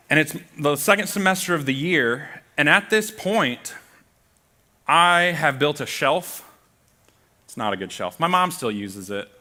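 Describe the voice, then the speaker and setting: A man's voice: mid-range voice, bright, forceful tone. A young man giving a sermon as a guest preacher, telling a self-deprecating, humorous story from his school days. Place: church auditorium.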